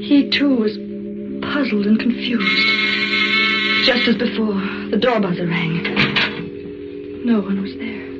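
A woman's voice: medium pitch, takes it slowly, pauses often, close to an everyday voice. An actress playing a frightened young woman who narrates her own ordeal in a 1940s-style radio drama, in a tense, emotional way. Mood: despairing. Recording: dull lo-fi old radio recording with music. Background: dramatic background music.

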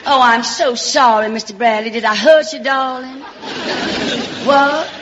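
A woman's voice: high-pitched, unhurried, a crowd in the background, noisy background. A woman with a Southern American accent performing a theatrical, drawling comic monologue, coyly calling everyone darling. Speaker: comedy host. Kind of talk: comic monologue on a radio show. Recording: dull old radio broadcast in a reverberant hall.

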